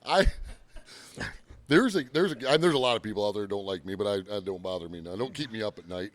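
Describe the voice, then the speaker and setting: A man's voice: on the low side, expressive, fast talker, no room sound. A man co-hosting a podcast, telling rambling shop stories in casual chat and laughing often. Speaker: podcast co-host.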